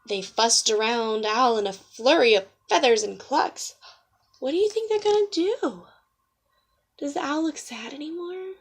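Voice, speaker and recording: A woman teacher reading a picture book aloud and reflecting on the lesson, gentle and questioning, with hushed asides. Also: a little high, takes it slowly.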